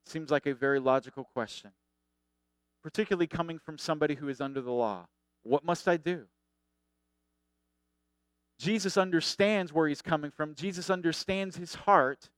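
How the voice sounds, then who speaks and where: A middle-aged male pastor delivering a lively, conversational sermon. His voice is smooth and resonant, pitched a bit high. It is recorded close and dry. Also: a little fast, no room sound. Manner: animated, conversational, acts out quotes.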